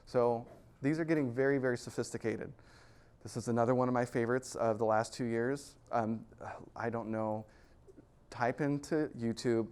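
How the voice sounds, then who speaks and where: A man speaking at an investor club, giving an energetic presentation to a live audience and joking as he goes. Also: mid-range voice, normal speed, clean tone. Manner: energetic and joking, laughs between points.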